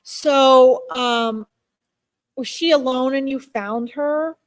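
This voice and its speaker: A woman giving a heartfelt animal reading on a live stream, her voice sitting a little high. She speaks gently and emotionally, halting often and restarting her sentences. The sound is dry and close, with no room echo.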